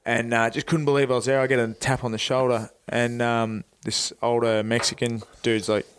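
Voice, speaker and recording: A young Australian man with a clean, smooth voice, recorded close and dry. He tells stories casually and swears freely, scattering fillers as he goes. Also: medium pitch, little pitch movement, moderate pace, no room sound. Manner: laid-back, swears freely, many fillers. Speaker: guest, professional boxer. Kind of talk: casual storytelling on a podcast.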